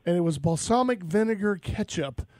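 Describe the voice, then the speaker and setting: A Southern man with a high-pitched voice hosts a laid-back radio talk show. He rambles through animated stories with frequent laughs, and his voice sounds dry and close. The delivery is loose and chatty. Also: normal speed, dry recording. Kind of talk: casual radio chat.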